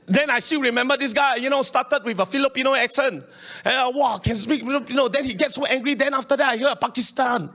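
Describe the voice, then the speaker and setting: A man with a Singaporean English accent preaching a sermon as pastor, animated and colloquial, calling on the congregation to respond. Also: very high voice, fast, hardly any pauses.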